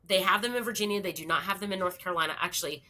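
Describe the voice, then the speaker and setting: Fortyish woman guest, low-pitched and bright, rambling animated anecdote. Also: very fast. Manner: chatty, animated, many fillers. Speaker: podcast guest. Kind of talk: casual storytelling.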